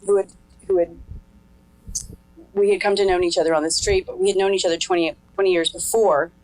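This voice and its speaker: A woman's voice: lowish voice, fairly even intonation, brisk, darkish tone, poor audio. A middle-aged woman giving candid personal testimony in an interview, frank and earthy, laughing now and then as she tells it. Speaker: interviewee telling her life story.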